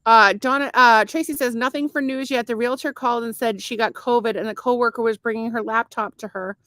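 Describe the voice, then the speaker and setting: A woman's voice: fairly high pitch, steady tone, a little fast, pushed and bright, no room sound. A woman co-hosting a casual podcast, laughing often and swearing freely while she reads out viewer comments. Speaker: podcast co-host.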